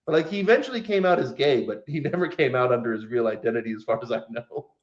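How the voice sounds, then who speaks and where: A man's voice: medium pitch, expressive, fast. A man co-hosting a podcast, telling stories in a rambling casual way and laughing as he goes. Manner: rambling, laughs through his stories, many fillers. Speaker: podcast co-host. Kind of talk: casual chat, storytelling. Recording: dull lo-fi audio.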